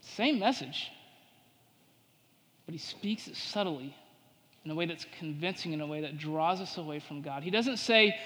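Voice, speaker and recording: A man preaching a sermon to his congregation. He builds to emphatic points and drops to hushed tones when voicing temptations. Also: a little high, normal speed, pauses often, in a large hall. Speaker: pastor.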